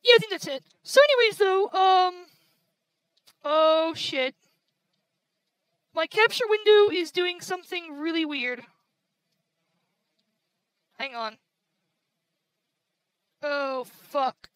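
Very high bright woman, casual gaming commentary, constant cursing. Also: animated, takes it slowly, pauses often, no echo, low-quality recording. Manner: frustrated, swears constantly. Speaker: gaming video creator.

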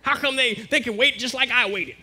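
A man with an American accent preaching a sermon to his congregation, building to forceful exhortation. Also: extremely high pitch, brisk, husky, faint music behind. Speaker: minister. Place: church, live-streamed service.

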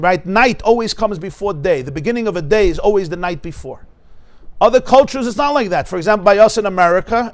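A man, a rabbi, giving a class in a study hall, telling stories with acted-out dialogue and explaining Hebrew terms through rhetorical questions. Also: high voice. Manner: animated storytelling, acts out dialogue. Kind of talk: Torah class lecture.

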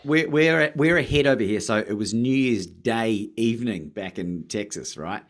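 A man from Australia with an Australian accent, a podcast guest telling his story in casual chat, lively and acting out phone calls. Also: on the low side, normal speed. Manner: animated, acts out phone calls with rising excitement.

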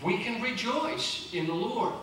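High-voiced preacher in an echoey church. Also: male voice, lively intonation, unhurried, bright, forceful tone. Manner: conversational, emphatic preaching with repeated phrases. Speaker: pastor. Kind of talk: sermon. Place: church sanctuary. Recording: very echoey church from a distance, faint noise.

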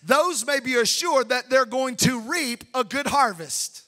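A man preaching a sermon, fervent, swinging between shouted peaks and hushed tender asides. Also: very high voice, animated, measured pace. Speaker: pastor. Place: church sanctuary.

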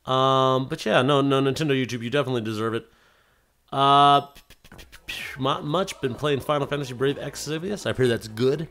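A young man streaming a game live, rambling casually while reading chat aloud and breaking into hyped shouts. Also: medium pitch, moderate pace. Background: music.

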